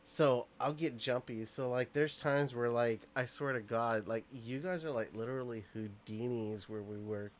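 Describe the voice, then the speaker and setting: A man's voice: medium pitch, normal speed, few pauses. A young man co-hosting a podcast in loose, joking casual chat, swearing often. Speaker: podcast co-host.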